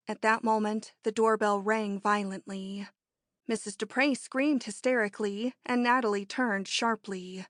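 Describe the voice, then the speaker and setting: A woman narrating an audiobook in a measured, even storytelling manner on a close mic. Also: medium pitch, no echo. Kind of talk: scripted narration.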